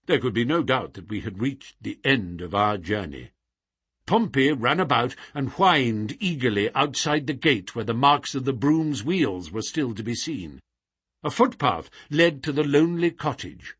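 A man narrating classic fiction as an audiobook, with expressive, dramatic storytelling. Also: mid-range voice, measured pace, breathy edge, no echo.

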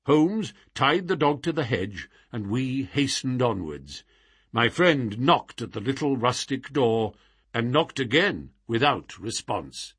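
Expressive husky male audiobook narrator. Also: mid-range voice, slow, no echo. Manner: expressive, dramatic storytelling. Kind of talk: audiobook reading of classic fiction.

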